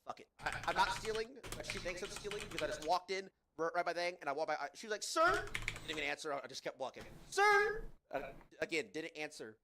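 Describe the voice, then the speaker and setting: A young man tells a rambling, profane story about a bad day, exasperated and animated, tossing in "bro" every few lines. His voice sits fairly high for a man. The room around him rings with a noticeable echo. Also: quick pace, background noise. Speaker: podcast host. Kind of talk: casual storytelling rant.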